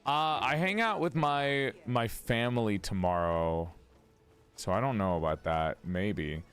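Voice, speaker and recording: A man streaming a video game in casual chat, excitable and gushing, sounding a little sleepy. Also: measured pace, clear, resonant tone. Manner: excitable, gushing, swings into high squeals. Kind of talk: casual gaming livestream chat.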